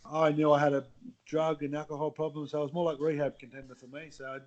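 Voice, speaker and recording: A man's voice: on the high side, flat delivery, fast, a little mellow, highs cut off. A middle-aged man with an Australian accent, telling his story as a podcast guest in a candid, blunt way with some swearing. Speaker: guest, former athlete. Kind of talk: casual podcast chat.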